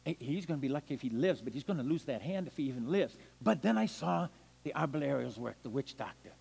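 An older man, a missionary evangelist, telling stories in a sermon. He swings animatedly between loud bursts and hushed, quiet stretches. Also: mid-range voice, expressive, fast talker, gravelly, breathy edge. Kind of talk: storytelling sermon. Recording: long hall reverb.

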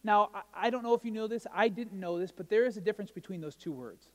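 His high-pitched voice comes quickly, followed by a long reverb tail. The male pastor delivers a relaxed, conversational sermon, tossing "right?" at the crowd and sharing funny stories.

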